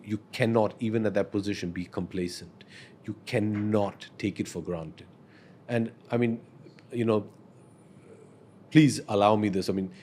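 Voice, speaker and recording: Podcast guest, forties, deep-leaning voice, sincere and animated storyteller. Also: male voice, a little hiss or hum. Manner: earnest, reflective, animated when telling stories.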